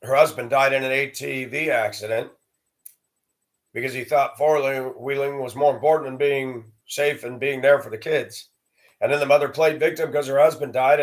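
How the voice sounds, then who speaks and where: Gravelly man on a sarcastic rant. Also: mid-range voice. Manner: profane, sarcastic storytelling. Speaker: vlogger. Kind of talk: ranting monologue.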